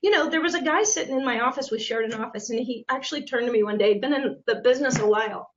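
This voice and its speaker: A woman real estate agent chatting on a podcast, animated and quick to laugh, acting out the lines she quotes. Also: a little high. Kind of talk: casual podcast conversation. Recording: muffled lo-fi audio.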